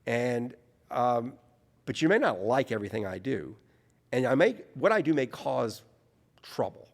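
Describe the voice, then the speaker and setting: A male author from New Orleans spins anecdotes as an interview guest. His voice ranges widely in pitch as he works himself into each story, and he keeps doubling back on his own phrasing. A long reverb hangs on the room. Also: a little slow. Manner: animated, self-correcting storyteller.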